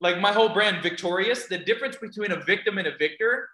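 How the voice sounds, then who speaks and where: Bright-voiced male motivational speaker. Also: sits high, expressive, fast talker, echoey room, poor audio. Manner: storytelling, asks the audience questions. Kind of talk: speech to a live audience.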